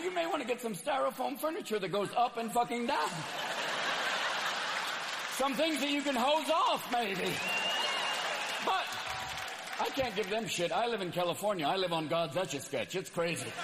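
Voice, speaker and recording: A male stand-up comic tears through a manic, profane routine in a high, swooping voice. He lurches into sudden voices and swears freely. A big live crowd roars around him over a noisy room. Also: gravelly. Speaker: stand-up comedian. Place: comedy stage before a live audience. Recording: live show with crowd laughter and noise.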